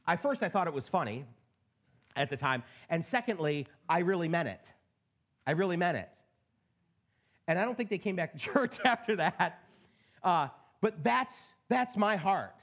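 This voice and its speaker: A middle-aged male pastor preaching a sermon in an animated, plain-spoken way with joking asides. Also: on the high side, muffled recording.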